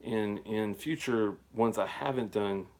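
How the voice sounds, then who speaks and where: A man's voice: fairly low pitch, unhurried, darkish tone. A man hosting a casual live whisky show, talking in a rambling, chatty way with lots of fillers and chuckles. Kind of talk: casual live-stream chat. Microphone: phone or handheld device he plugs in and holsters.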